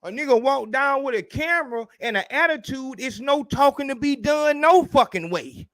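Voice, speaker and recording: A man with a high, light voice hosts a podcast and rants in a loose, profane way. He is animated and keeps slipping into mocking impressions of other people. The sound is close and dry, with no room echo. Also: moderate pace. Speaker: podcast host. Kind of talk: casual rant.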